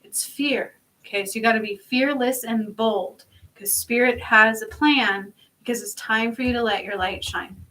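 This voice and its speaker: A woman with a fairly high, bright and forceful voice, heard from a little way off the mic. She gives a casual spiritual card reading in a chatty, emphatic way, sprinkling in mild swearing and frequent "okay?" check-ins. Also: moderate pace, few pauses, recorded from a distance, rough recording. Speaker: spiritual healer and card reader.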